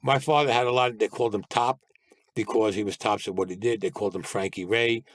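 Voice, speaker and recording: A man's voice: on the low side, fairly even intonation, fast, dry recording, clean studio sound. A man being interviewed who tells stories in a blunt, profane way and acts out the lines of the people in them. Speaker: guest recounting past crimes. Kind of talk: storytelling interview.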